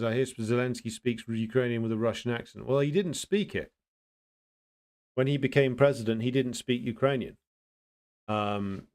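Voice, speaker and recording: A man hosting a casual livestream, greeting viewers and answering their comments in a blunt, opinionated way, pausing often to think and restarting his sentences. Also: medium pitch. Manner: thinks aloud with frequent pauses and restarts. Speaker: livestream host.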